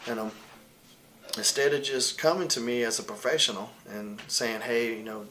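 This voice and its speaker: A man's voice: mid-range voice, moderate pace, bright, forceful tone, slight background noise. A man in his forties telling candid stories in an interview, blunt and heated, swearing often. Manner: blunt, heated, profane, quotes others in put-on voices. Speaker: wrestler interviewed as guest.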